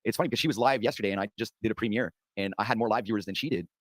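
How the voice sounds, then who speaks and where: A man's voice: lowish voice, racing, fairly bright tone, dry recording. A man guesting on a livestream panel in casual chat, talking in a rambling way, repeating words and restarting with "uh" and "it's like". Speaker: panel guest, fellow streamer.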